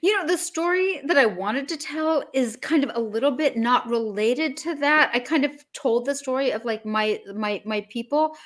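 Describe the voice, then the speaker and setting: A woman business coach talking as a podcast guest, energetic and emphatic, acting out little scenes as she explains. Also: high voice, normal speed, few pauses.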